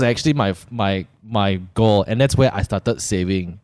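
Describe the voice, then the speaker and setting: A young man with a Malaysian English accent hosting a casual chat, animated and given to acting out his own anecdotes. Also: normal speed, smooth, no echo, clean studio sound. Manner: animated, jumps into high put-on voices for anecdotes. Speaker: host.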